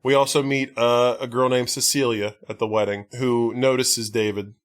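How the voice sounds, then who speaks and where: A man's voice: medium pitch, flat delivery, normal speed. Rambling man recapping a movie. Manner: rambling recap, many likes and restarts. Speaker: podcast host. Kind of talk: casual movie recap chat.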